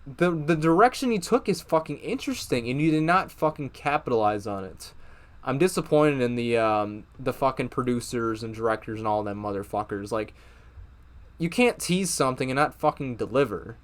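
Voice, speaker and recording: A man's voice: medium pitch, lively intonation, normal speed. A young man giving a casual, profane, exasperated review of a TV episode, with many fillers and restarts. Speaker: TV show reviewer.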